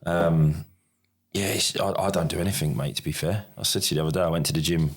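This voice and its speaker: A man's voice: low voice, fairly even intonation, fast. A middle-aged man from the UK, a podcast co-host, chatting casually in a rambling, self-deprecating way with lots of restarts. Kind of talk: casual chat.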